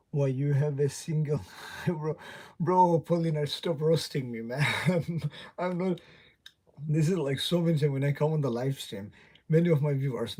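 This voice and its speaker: Speaking in a mellow, mid-range voice with a breathy edge, a young man hosts a loose livestream chat. He has a non-native English accent, rambles, laughs often and welcomes viewers as they come in.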